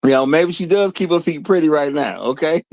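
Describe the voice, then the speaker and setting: A man hosting a live commentary show, animated and laughing often, repeating lines for effect. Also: a little high, vocal fry, no room sound. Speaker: host.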